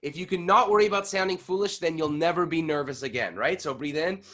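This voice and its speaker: A man coaching a vocal warm-up over a video call, with energetic demonstrations that sometimes get loud. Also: a little high, fast talker. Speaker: pitch coach. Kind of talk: online voice workshop.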